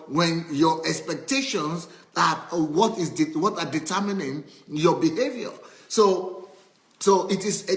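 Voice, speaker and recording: Male pastor, lively preaching, acts out stories, slightly high voice, roomy echo. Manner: animated preaching with acted-out anecdotes and repetition. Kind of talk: sermon.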